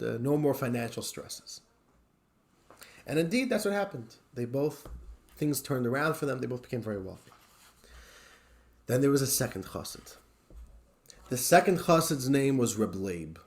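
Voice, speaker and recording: Give me a male rabbi with an average-pitched voice telling a story in a weekly lesson, swinging from loud to hushed.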